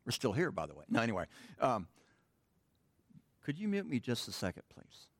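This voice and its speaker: Joking middle-aged pastor, dry close sound. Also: male voice, mid-range voice, wildly swooping pitch, moderate pace, no echo. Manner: casual, joking asides with the congregation. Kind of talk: sermon with a Greek grammar lesson. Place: church sanctuary.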